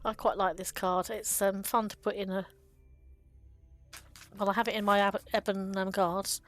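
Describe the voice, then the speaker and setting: A woman's voice: medium pitch, flat delivery, normal speed, faint music behind. A woman hosting a video about card game art, talking casually and fondly with frequent ums and little laughs. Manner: chatty and fond, with frequent ums and small laughs.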